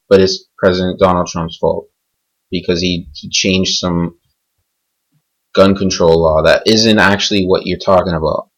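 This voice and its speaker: A man's voice: lowish voice, low-quality recording. Angry profane young man ranting. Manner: furious, profane, rambling. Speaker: podcast host. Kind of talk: angry unscripted podcast rant.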